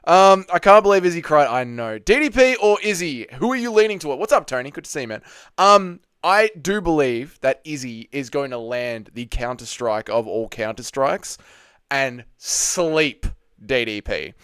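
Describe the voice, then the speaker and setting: In a mid-range voice with lively intonation, this young Australian livestream host speaks at a normal speed, his tone a bit bright and smooth. He chats loosely, names viewers as he greets them, curses without restraint, and reads out their comments. The sound is clean studio quality with no echo.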